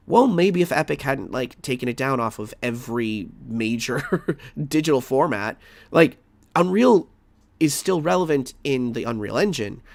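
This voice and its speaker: A man's voice: mid-range voice, gravelly, no room sound. A man streaming live, reacting to a video and arguing back at it with rambling restarts and exasperated outbursts.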